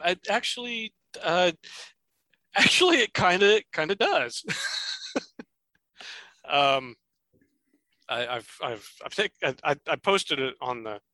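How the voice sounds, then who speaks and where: A man co-hosting a casual podcast chat, his bright voice bouncing up and down in pitch as he talks. He laughs easily and stumbles into restarts. The sound is dry and close. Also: expressive, unhurried, pauses often, no room sound. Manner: chatty, laughs often, many restarts. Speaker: podcast co-host.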